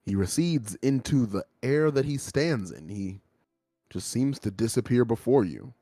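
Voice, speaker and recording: A man narrating as game master of a tabletop game, describing scenes in a relaxed way with frequent filler words. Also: mid-range voice, unhurried, dry recording, studio quality.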